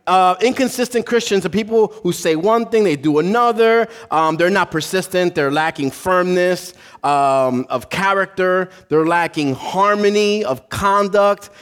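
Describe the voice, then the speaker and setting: Male pastor, higher-pitched, animated sermon delivery with acted-out story voices. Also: measured pace, hardly any pauses, clear, resonant tone. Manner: animated, acts out voices in a story, laughs at own jokes.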